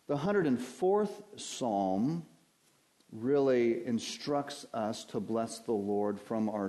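A man preaching a sermon, reading Bible verses slowly and deliberately and putting questions to his listeners. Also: medium pitch, dark tone. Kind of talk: sermon teaching from Scripture.

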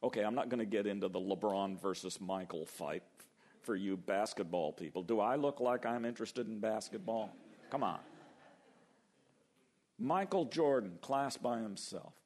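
A man preaching a sermon, animated, acting out biblical voices and slowing down to stress key words. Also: on the low side. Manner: animated, acts out biblical voices, slows for emphasis. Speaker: pastor.

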